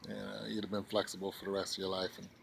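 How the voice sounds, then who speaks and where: A man's voice: deep voice, little pitch movement, quick pace, creaky, slight background noise, pitched below the performer's own voice. A man voicing a defensive male police officer making excuses, in a mocking, sarcastic way.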